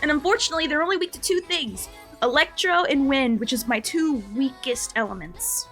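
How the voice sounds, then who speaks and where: A woman's voice: high voice, normal speed, fairly bright tone, soft background music. A woman game streamer chatting casually on a live stream, rambling and laughing often.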